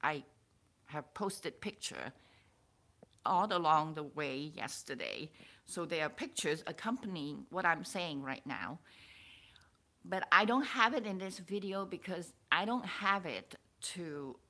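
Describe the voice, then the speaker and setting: Slow-talking, emotional woman vlogger. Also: sits low. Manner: rambling, restarts and repeats words, excitable. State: emotional, stirred up. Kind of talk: personal vlog, emotional monologue.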